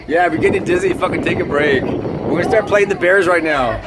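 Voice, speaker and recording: A man's voice: fairly high pitch, brisk. A man filming a storm on a handheld camera, making crude jokes as he rambles. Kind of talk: casual on-camera chat. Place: outdoors then a basement. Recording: noisy outdoor phone video, wind.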